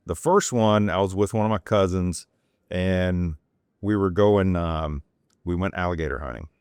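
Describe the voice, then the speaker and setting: A man's voice: low-pitched, normal speed, darkish tone, clear, resonant tone, dry recording, studio quality. A man from North Carolina, a podcast guest, telling casual, digressive anecdotes full of restarts. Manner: acts out quoted people in a raised voice. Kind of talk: casual storytelling.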